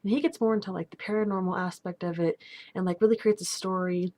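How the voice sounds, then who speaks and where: Low-voiced young woman rambling on her home vlog, lots of likes and ums. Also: fairly even intonation, quick pace, mellow. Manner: chatty, rambling, many fillers and restarts. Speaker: steampunk vlogger.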